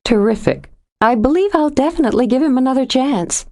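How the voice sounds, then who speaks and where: A woman's voice: high-pitched, animated, brisk, dark tone, pitched above the performer's own voice. A woman voicing a wry, reassuring young woman friend in an audiobook reading. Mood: joking. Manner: reassuring, lightly joking.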